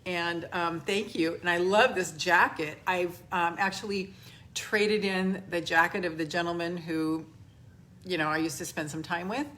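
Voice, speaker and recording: A woman's voice: fairly low pitch, steady tone, unhurried, fairly bright tone. A woman hosting a spiritual live stream from home, effusively greeting viewers by name and leading a guided grounding exercise. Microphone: camera she holds or adjusts.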